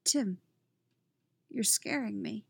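A woman reading a story, voicing a quiet, guarded young woman who asks short, direct questions. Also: mid-range voice, lively intonation, slow pace, gravelly, slightly rough, dry recording, heavily acted. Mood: worried.

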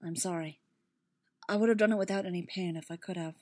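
Woman reader voicing a soft-spoken weary male Jedi, hushed, low, halting. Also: steady tone, dry recording, lightly acted. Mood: hushed, gentle. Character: man, a weary gentle Jedi knight.

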